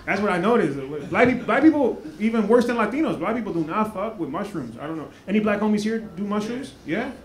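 A male stand-up comedian from Maryland doing loud, laughing crowd work and teasing audience members. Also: high-pitched, expressive, fast, few pauses. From Maryland, USA. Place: comedy club stage. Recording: noisy live club recording.

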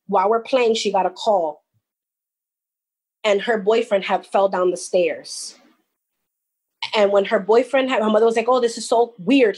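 A woman's voice: mid-range voice, darkish tone, breathy edge, rough recording. A young woman recounting a personal experience, rambling and restarting as she tells it. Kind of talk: personal storytelling.

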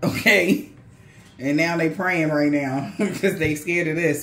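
A woman's voice: low-pitched, takes it slowly. A woman giving a casual spiritual reading to her viewers, cursing freely, laughing often and talking straight to them. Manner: profane, laughing, animated, talks straight to viewers. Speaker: psychic reader.

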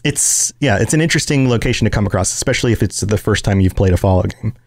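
Low-voiced man chatting on a podcast. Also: fast talker, no room sound. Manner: relaxed, thinking aloud. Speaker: podcast co-host. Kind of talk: casual chat about game lore.

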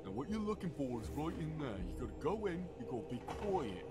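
A man voicing a shifty guide who urges the party on in a quick, chummy way, with music playing behind. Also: on the high side, sing-song. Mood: urging.

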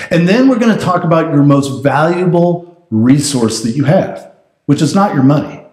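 A man's voice: fairly high pitch, roomy sound. Conversational man preaching a sermon. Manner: conversational, animated preaching with acted quotes. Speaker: pastor. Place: church sanctuary.

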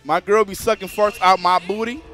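A man's voice: high-pitched, fairly even intonation, a little fast, bright, forceful tone, faint music behind. A man casually commentating a live stream, joking crudely and talking straight to the chat.

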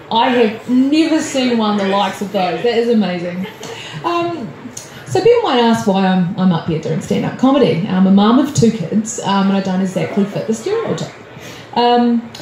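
A woman's voice: fairly high pitch, mellow. A woman from Australia doing a nervous, self-deprecating stand-up set, chatty and full of ums. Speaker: stand-up comedian. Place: comedy club stage. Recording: roomy club with faint crowd noise.

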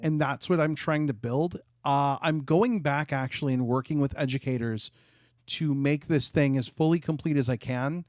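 A man's voice: medium pitch, moderate pace, a little mellow, dry recording, clean studio sound. A man answering questions as the guest game developer in a webinar, chatty and correcting himself as he goes. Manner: chatty, restarts and self-corrects.

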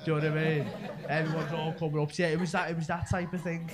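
Here the young Merseyside comic races along in a high, fairly flat voice, and the recording is very noisy. His rambling set is full of Scouse slang, captured live in a comedy club as the audience laughs.

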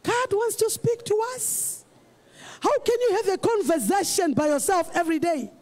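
A pastor preaching a sermon, emphatic and repetitive, rising to shouts. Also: very high-pitched, normal speed.

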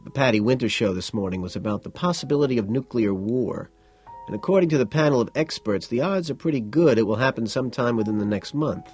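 A man's voice: mid-range voice, expressive, quick pace, a little mellow, breathy edge, faint music behind. A man reading an audiobook in first person, in a cool, detached, matter-of-fact way. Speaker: audiobook narrator.

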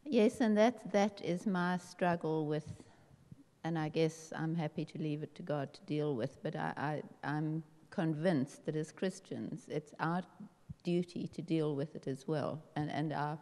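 Low-voiced thoughtful woman in a hall. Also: a little slow, mellow. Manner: thoughtful, hesitant restarts. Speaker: seminar participant. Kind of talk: seminar discussion. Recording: reverberant hall.

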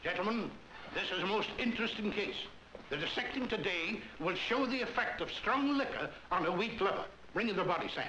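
A man's voice: high-pitched, lively intonation, a little fast. A man playing a brash, wisecracking surgeon in an old slapstick film comedy. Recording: echoey, dull old film soundtrack with hiss.

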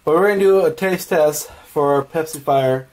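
A man with a stuffy, congested voice from a cold, chatting loosely to his viewers as he hosts a family taste test. His tone is mellow and warm rather than bright. He rambles easily, with a relaxed, homey manner. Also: fairly high pitch, normal speed, rough recording. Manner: easygoing, rambling, talks to viewers as "guys". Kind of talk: casual home video chat.

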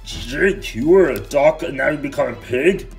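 A man's voice: medium pitch, animated, normal speed, roomy sound, soft background music. A man voicing a cartoon, talking in a whiny, exasperated way. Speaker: cartoon narrator and voice actor. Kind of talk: cartoon acting.

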